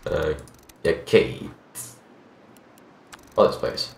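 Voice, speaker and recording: Man, let's play host, low voice with lots of pitch movement, swears freely, echoey room. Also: expressive, normal speed, pauses often. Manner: casual, heavy swearing, reads game lines aloud. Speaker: gaming video host.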